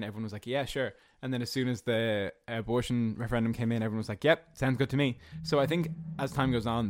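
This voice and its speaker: A man's voice: mid-range voice, a little mellow, no room sound. Young irish guy hosting a chat with his mates, rambly, lots of likes, dry close mic. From Ireland. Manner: rambling, reflective, full of fillers. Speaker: podcast host. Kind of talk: casual chat.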